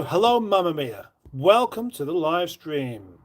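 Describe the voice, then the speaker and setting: Chatty higher-pitched man. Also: big pitch swings, a little slow. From northern England. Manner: chatty and rambling, with dry self-mocking banter. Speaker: live stream host. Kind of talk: casual live stream chat, reading out viewer comments. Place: home kitchen.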